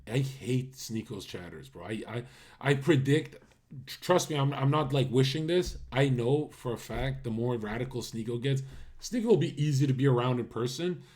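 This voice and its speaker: A man's voice: mid-range voice, animated, moderate pace, darkish tone. Guy streaming live, cussing a lot, keeps asking his chat "what are you doing", totally incredulous. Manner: blunt, profane, incredulous ranting; talks to chat, frequent rhetorical questions. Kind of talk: casual live-stream commentary.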